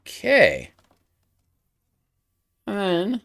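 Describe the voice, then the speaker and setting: A man's voice: fairly low pitch, sing-song, slow pace, long pauses, smooth, no room sound, studio quality. Man murmuring to himself while drawing. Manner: thinking aloud, muttering to himself, playful. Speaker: streamer drawing live. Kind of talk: casual chat while drawing.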